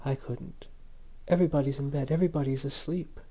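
A man reading a storybook, voicing a hesitant young woman who answers quietly and nervously. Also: medium pitch, fairly even intonation, fairly quick, lightly acted. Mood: nervous refusal. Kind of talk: audiobook character voice.

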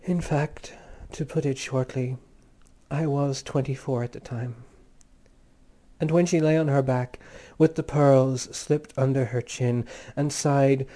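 A man reading a literary story aloud in a measured, lyrical manner. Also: medium pitch, fairly even intonation, warm tone. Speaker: audiobook narrator. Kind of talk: literary narration read aloud.

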